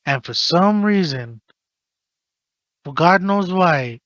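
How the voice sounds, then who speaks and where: Man, podcast host, animated rant, swearing, higher pitch, bright tone. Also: slow pace, no echo, highs cut off. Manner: animated ranting, swearing, mocking impressions. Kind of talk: casual podcast chat.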